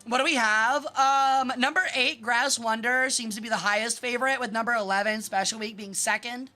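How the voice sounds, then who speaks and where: Bright, animated young woman streaming games. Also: a little high, fairly quick, faint music behind. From Memphis, US South. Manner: animated, swears freely, laughs and shrieks. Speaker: vtuber streamer. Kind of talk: casual live-stream chat while gaming.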